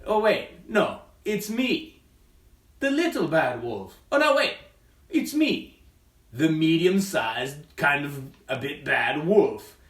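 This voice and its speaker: A man's voice: a little high, big pitch swings, slow pace, far from the mic, heavily acted. A man voicing a boastful male big bad wolf puppet in an echoey room, away from the mic. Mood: silly. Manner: showy, self-important, loud.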